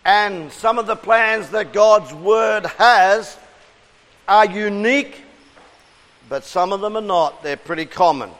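Slow, high-voiced Australian preacher in a hall. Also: male voice, fairly bright tone. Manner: earnest, interactive, drawing call-and-response from the congregation. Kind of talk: sermon.

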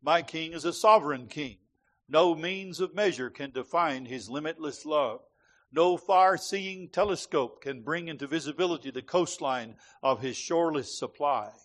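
A male preacher delivers a sermon with a rhythmic, emphatic cadence. His voice sits a little higher than most men's. He speaks to a congregation in a church sanctuary. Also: moderate pace.

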